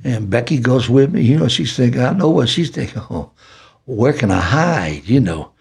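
Husky older man telling a preacher's story. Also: mid-range voice, a little fast. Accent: Southern US city. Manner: preacherly, animated storytelling with folksy talk. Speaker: podcast guest. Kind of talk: storytelling testimony.

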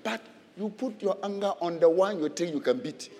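Animated high-voiced male preacher. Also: normal speed, big-room sound. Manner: animated, asks the congregation questions and laughs often. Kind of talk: sermon. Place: church.

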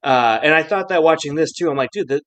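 A man's voice: fairly high pitch, fast talker, a bit bright, low-quality recording. A man co-hosting a podcast, talking casually about a cartoon episode, rambling and restarting his sentences with frequent laughs. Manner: rambling, self-interrupting, laughs often. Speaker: podcast co-host.

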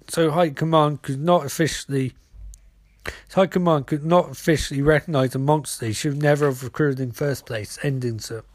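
A man's voice: on the high side, dry recording, clean studio sound. Man reading a screenplay aloud. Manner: reads stage directions aloud, frequent slips. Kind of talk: screenplay read-through.

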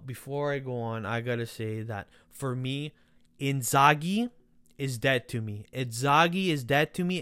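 A man hosting a football podcast, ranting sarcastically and swearing as he talks to the players directly, his voice worn from yelling. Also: mid-range voice, no echo. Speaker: podcast host. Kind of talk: casual football rant.

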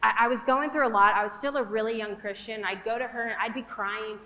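A young woman with a fairly high voice preaches in a relaxed, conversational way, peppering her talk with fillers. Her voice rings out in a roomy hall with a long, trailing reverb. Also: quick pace. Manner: chatty, conversational, with frequent fillers. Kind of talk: casual sermon.

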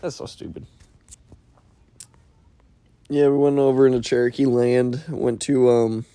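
A man's voice: mid-range voice, steady tone, measured pace, warm tone, smooth, dry recording. A man hosting a casual solo podcast, rambling and profane, and making fun of himself as he goes. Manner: rambling, profane, self-mocking. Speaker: podcast host.

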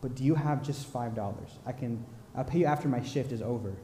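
A pastor quoting a stranded man, apologetic and a little rushed. The voice is mellow and dark. It rings through a large reverberant hall. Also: medium pitch, a little hiss or hum, lightly acted. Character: adult man stranded without his wallet.

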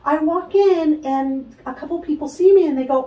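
A woman telling a personal story as a guest in an interview, animated, acting out the voices of other people and laughing often. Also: high voice, normal speed, echoey room, far from the mic, highs cut off. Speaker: guest, spiritual healer.

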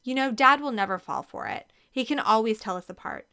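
A woman's voice: on the high side, lively intonation, a little fast, sharp tone, clear, resonant tone. A woman voicing a sporty, wisecracking teenage girl with a dry, glum manner, in a storybook reading. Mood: wry.

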